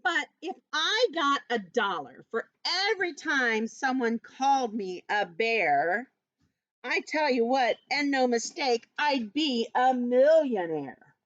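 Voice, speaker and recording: A woman's voice: sits high, lively intonation, slow, a bit bright, dry recording, lo-fi sound, exaggerated voice. A woman voicing a grumpy male koala who is fed up with being called a bear, reading it aloud from a storybook in an indignant, complaining way.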